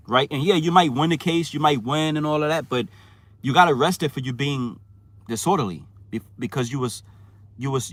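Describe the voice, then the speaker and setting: A man's voice: medium pitch, fairly bright tone, no echo. Rambling New man chatting live. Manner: rambling, keeps asking "right?", repeats and restarts words. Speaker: channel host talking to live viewers. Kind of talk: casual livestream chat.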